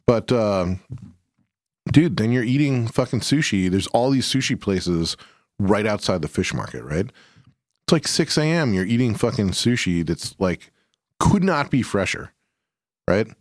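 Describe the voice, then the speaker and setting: A man's voice: on the low side, very animated, unhurried, no room sound, clean studio sound. A man co-hosting a casual chat, laid-back and rambling, swearing freely as he tells travel stories.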